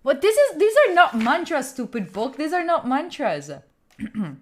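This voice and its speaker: An Italian woman, speaking at normal speed in a slightly high, animated voice, leads a study live stream. Playful and casual with her viewers, she laughs and swears frequently.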